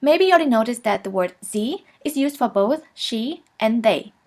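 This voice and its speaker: A woman teaching a beginner German lesson, patiently saying each phrase twice in a clear, steady way. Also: fairly high pitch, normal speed. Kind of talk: slow instructional lesson, repeating each word.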